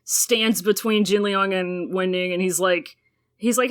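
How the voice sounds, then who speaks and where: A woman co-hosting a podcast, retelling a drama's scenes in an excitable, jokey way. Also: medium pitch, unhurried, clear, resonant tone. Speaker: podcast co-host. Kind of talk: casual chat recapping a drama.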